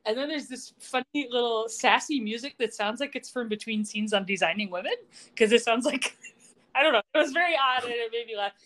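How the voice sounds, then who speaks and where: A woman co-hosting a podcast, recapping a TV scene in casual chat, giggly and animated. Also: on the high side, brisk. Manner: giggly, animated retelling with quoted voices. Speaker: podcast co-host. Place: remote recording, not with co-host.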